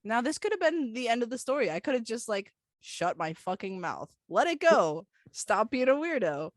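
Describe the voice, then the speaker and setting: A woman's voice: fairly high pitch, big pitch swings, normal speed, dry recording, clean studio sound. A young woman co-hosting a podcast, telling a story animatedly, acting out the dialogue and laughing often. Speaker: podcast co-host. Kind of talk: casual storytelling chat.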